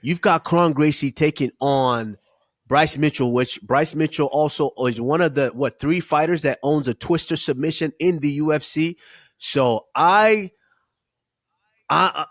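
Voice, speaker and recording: A man co-hosting a fight podcast in casual chat, laid-back and drawn-out, laughing easily as he breaks down matchups. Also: fairly high pitch, no echo, studio quality. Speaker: podcast co-host, fight analyst.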